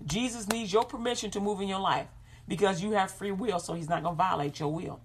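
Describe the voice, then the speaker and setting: A woman giving an informal sermon, animated, acting out quoted voices and laughing often. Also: mid-range voice, a little fast, slightly rough.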